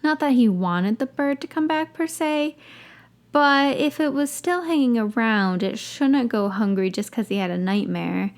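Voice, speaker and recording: A woman's voice: fairly high pitch, unhurried. A woman hosting a podcast, reading a story aloud and breaking off for wry, dry asides. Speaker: podcast host reading fan fiction.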